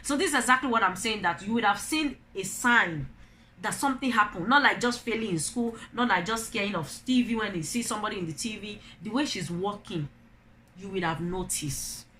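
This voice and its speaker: A woman's voice: mid-range voice, a little fast, sharp tone, a little hiss or hum. A middle-aged Nigerian woman and mother, talking to camera in an opinion vlog, telling stories animatedly and asking rhetorical questions. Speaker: vlogger, mother.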